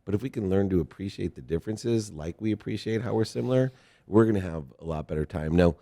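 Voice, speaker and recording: A man's voice: low-pitched, fast, vocal fry, dark tone. A middle-aged man from Ohio hosting an interview, rambling and self-deprecating, often laughing. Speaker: interview host. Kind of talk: casual interview conversation.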